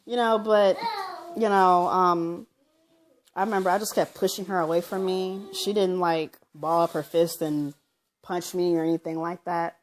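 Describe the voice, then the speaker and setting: Casual vlogger woman with a low voice, talking through a personal story off the cuff with plenty of fillers. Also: fairly even intonation, normal speed, slight background noise. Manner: rambling, with many fillers like um and you know; loosely reenacts what people said as she tells it. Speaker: vlogger telling her own story.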